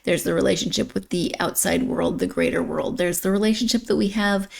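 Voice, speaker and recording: A woman hosts a book podcast in a relaxed, chatty way. Her voice has a gravelly fry, and she drifts through fillers and quick restarts as she introduces the episode. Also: lowish voice. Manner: chatty, with fillers and self-corrections. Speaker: podcast host. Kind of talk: casual podcast talk and book blurb reading.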